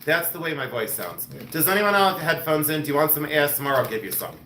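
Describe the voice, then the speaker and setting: A man's voice: on the high side, expressive, quick pace, reverberant, heavy background noise. A man hosting a live-stream jewelry sale, chatting casually and joking and teasing.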